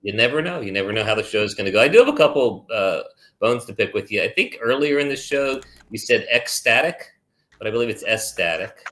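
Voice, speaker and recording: A man's voice: medium pitch, lively intonation, quick pace, a bit bright. A middle-aged man from the Washington DC area, a guest comedian and attorney, teasing the host with dry, pedantic jokes. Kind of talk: casual talk show banter.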